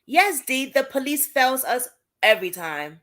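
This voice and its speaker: A woman's voice: sits high, very animated, a little slow, fairly bright tone. A young woman with a Brooklyn accent hosting a casual livestream, talking to viewers by name in an emphatic, indignant way. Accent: Brooklyn New York. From Brooklyn, New York. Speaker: host of an advocacy livestream.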